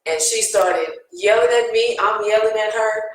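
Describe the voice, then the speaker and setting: A woman's voice: mid-range voice, normal speed. A woman on a discussion panel, telling her story in an earnest, emotional way. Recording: very echoey room.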